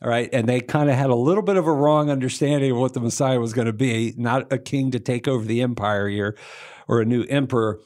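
A man walks through a scripture passage like he's chatting with a friend, tossing in slangy jokes as he goes. He jumps into quoted voices with real energy, then drops back to his easygoing teaching tone. His voice sits at an ordinary middle pitch. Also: fast talker. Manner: animated, acts out the crowd and Jesus in quoted voices; playful, slangy asides. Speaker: Bible teacher on a broadcast. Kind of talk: casual Bible teaching.

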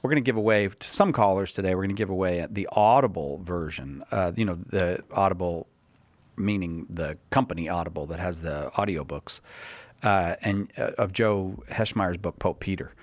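A man's voice: low voice, normal speed, no room sound. Male radio host, dry studio sound, loose joking delivery with frequent fillers. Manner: joking, rambling with many fillers. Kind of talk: casual live radio talk.

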